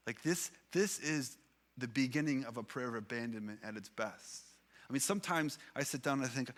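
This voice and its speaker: A male pastor with a Canadian English accent delivers a sermon in a bright, forceful voice. He speaks earnestly and gives weight to the scripture he quotes. His pitch sits in a middle register for a man. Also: brisk. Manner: earnest preaching, reads psalms aloud with emphasis.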